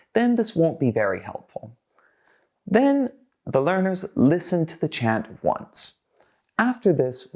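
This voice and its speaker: A man presenting as a teacher trainer in a scripted teaching video, energetic and modelling sentences for learners to repeat. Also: mid-range voice.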